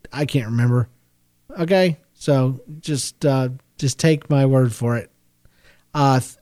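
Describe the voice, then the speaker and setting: A man's voice: mid-range voice, dark tone, no echo, studio quality. Rambling, homespun male podcast host. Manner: rambling, with many restarts and self-corrections; chatty and homespun. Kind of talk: casual personal storytelling.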